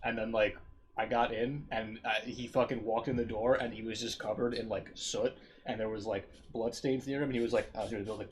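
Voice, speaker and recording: A man's voice: medium pitch, steady tone, a little fast, a little hiss or hum. A man, co-hosting a casual chat and talking loosely, with lots of profanity and fillers. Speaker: podcast co-host.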